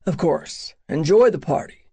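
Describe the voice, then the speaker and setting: A woman's voice: low-pitched, lively intonation, measured pace, warm tone, husky, full character voice. A woman voicing a courteous, formal older male commanding officer in an audiobook. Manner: formal and polite.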